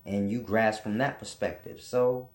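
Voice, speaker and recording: A man's voice: lowish voice, fairly even intonation, measured pace, roomy sound. A man hosting his own channel, delivering a casual, preachy monologue full of blunt, profane rants. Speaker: channel host teaching spiritual ideas.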